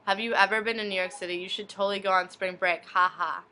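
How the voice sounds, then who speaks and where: This is a young woman reading messages from her inbox aloud, one after another. Her voice is bright and crisp, with a smooth, clear tone. She reads each line plainly, at a middling pitch. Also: steady tone, quick pace. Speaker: blogger.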